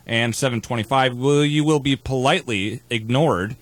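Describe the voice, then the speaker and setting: A man's voice: medium pitch, normal speed, no echo. Wordy man hosting a radio show. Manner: wordy, playfully pompous announcing. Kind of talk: casual live radio banter. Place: radio studio.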